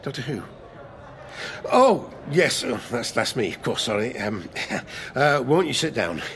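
A man's voice: mid-range voice, big pitch swings, a little slow, a bit bright, slight background noise. An actor playing a chatty, bumbling male time-traveller who rambles and stammers cheerfully, with an unusual accent. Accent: foreign-sounding.

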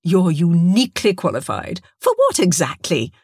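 A woman playing a smug, unflappable gentleman who purrs his lines and swings his pitch around a lot. The sound is dry and close, as in an audiobook. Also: wildly swooping pitch, normal speed, husky, no room sound, exaggerated voice. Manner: smug, purring. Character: smug, composed older gentleman academic.

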